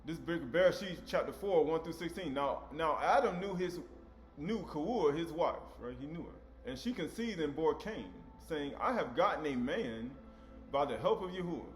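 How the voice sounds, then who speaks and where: Male preacher, casual sermon, fairly high lively voice, roomy sound with faint music behind. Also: normal speed. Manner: conversational, tag questions like "right?"; acts out dialogue in slangy voices. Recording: echoey room with faint music.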